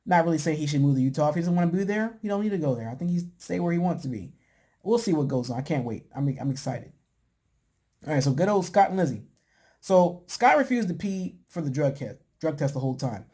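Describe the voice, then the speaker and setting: Laid-back chatty man, slightly high voice. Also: animated, fast talker, warm tone. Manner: acts out quotes in a higher voice. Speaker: podcast host recapping a reality show. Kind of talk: casual chat.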